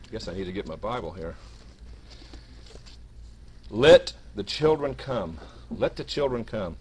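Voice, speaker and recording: A man's voice: fairly low pitch, a little hiss or hum. A man giving a short sermon to his congregation, reading scripture aloud with rising emphasis and small restarts. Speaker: minister.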